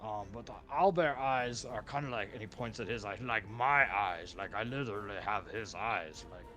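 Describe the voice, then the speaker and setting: A man's voice: on the low side, normal speed, bright, forceful tone, faint music behind. A man voicing an earnest male orc warrior who speaks in broken English, full of hesitant fillers. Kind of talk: tabletop role-play voicing.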